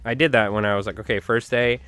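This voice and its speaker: Smooth-voiced man chatting on a live stream. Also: on the low side, steady tone, fast, a bit bright, soft background music. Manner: rambling storyteller, chuckles often, talks to chat. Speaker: fly tying live-stream host. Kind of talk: casual live-stream chat.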